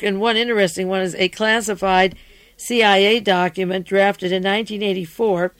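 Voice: medium pitch, a bit bright, no room sound. A radio commentator with a tired voice, giving a rambling, digressive taped monologue that often stops to correct itself.

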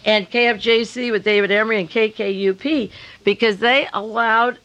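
An older woman hosting a radio talk show during a fundraiser, talking in long, rambling, emphatic runs and slowing down to hammer her points home. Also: fairly high pitch, fairly even intonation, fairly bright tone, rough recording. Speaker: radio host.

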